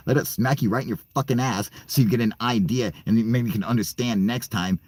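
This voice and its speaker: A man's voice: fairly low pitch, lively intonation, fairly quick, hardly any pauses, a little mellow. A young man hosting his own channel, ranting profanely in a rambling, stammering way and laughing between points. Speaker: channel host. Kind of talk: ranting casual monologue.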